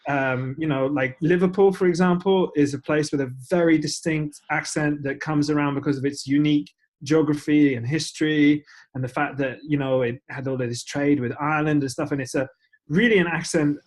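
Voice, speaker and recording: A man's voice: on the high side, steady tone, a little fast. A man with an English accent, chatting as a podcast guest in a self-deprecating way with many fillers. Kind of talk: casual interview chat.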